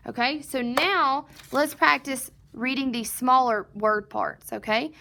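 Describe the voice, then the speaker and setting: For a recorded first-grade phonics lesson, a woman slowly and patiently sounds out word parts, answering the questions she asks. Her high voice is gravelly and sharp, with fairly even intonation.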